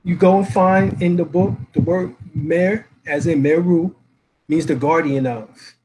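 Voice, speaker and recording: A man's voice: on the high side, fairly even intonation, a little slow, dark tone, husky, rough recording. A man lecturing, reading out dictionary references, spelling letters aloud and asking rhetorical questions.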